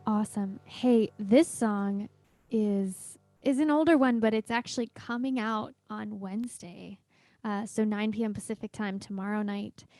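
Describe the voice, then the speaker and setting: A woman singer-songwriter eagerly introducing a song she wrote, in an excited, chatty way. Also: mid-range voice, unhurried, faint music behind. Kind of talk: introducing her own song.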